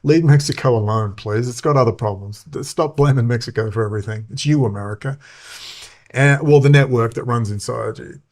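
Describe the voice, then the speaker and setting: A middle-aged man delivering a loose, rambling monologue as a show host. His voice sits in an ordinary middle pitch. He talks heatedly, swears often and fills gaps with ums and uhs. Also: brisk, darkish tone. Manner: profane, heated, many fillers.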